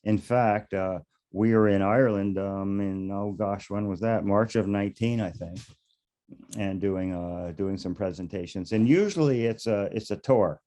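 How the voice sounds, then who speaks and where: A man's voice: on the low side, normal speed, mellow. An older man, a beekeeper and interview guest, telling stories casually in a rambling way, chuckling now and then and often restarting his sentences. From United States.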